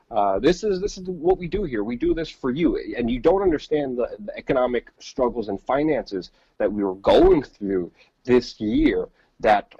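A man's voice: medium pitch, gravelly, warm tone, slightly rough, no echo, lo-fi sound. A man co-hosting a podcast, chatting casually over a remote call with rambling, repeated words and many fillers. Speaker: podcast co-host reporting from the field. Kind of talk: casual live-stream chat.

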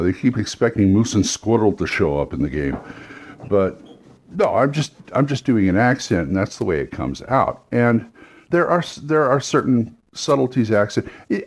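A man who runs role-playing games gives casual, rambling advice on doing voices and accents, often restarting his sentences. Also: medium pitch. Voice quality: rambling, with restarts and quick demos of impressions and accents. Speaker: game master.

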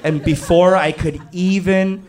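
Animated man telling a stand-up story. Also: a little slow, some chatter behind. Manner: animated, jumps to high panicked yelps when quoting himself. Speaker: stand-up comedian.

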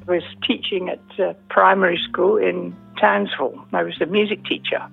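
An older woman, a former music teacher, fondly remembering old friends in a casual interview over the phone. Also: fairly low pitch. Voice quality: gravelly, husky. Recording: tinny phone line.

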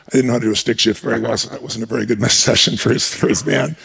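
Racing through a personal story on stage, a male guest speaker acts out each scene with animated emphasis. His mid-range voice is gravelly and husky.

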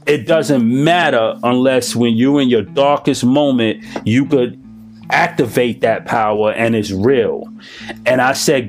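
A man's voice: mid-range voice, measured pace, faint music behind. A man giving a personal recovery testimony, emphatic and repetitive, in a streetwise storytelling manner. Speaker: recovery speaker.

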